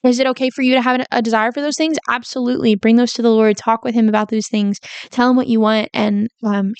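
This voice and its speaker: A woman's voice: on the high side, creaky, darkish tone, no room sound. A young woman in her twenties hosting a heartfelt, faith-based podcast monologue, talking earnestly with fillers and repeats. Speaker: podcast host.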